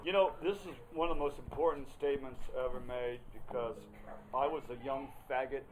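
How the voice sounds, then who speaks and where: A man's voice: medium pitch, fairly even intonation, fairly quick, low-quality recording. An older man from Oregon, a poet performing rambling, profane, theatrical verse and talk over live guitar. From Oregon, United States. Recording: live guitar playing behind. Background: live guitar playing.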